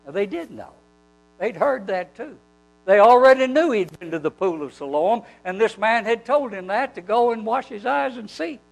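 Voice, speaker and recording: Casting note: male preacher, fairly high, very lively voice, animated storytelling that acts out each exchange. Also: moderate pace, gravelly, low-quality recording. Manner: animated storytelling, acting out quoted dialogue. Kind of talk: sermon.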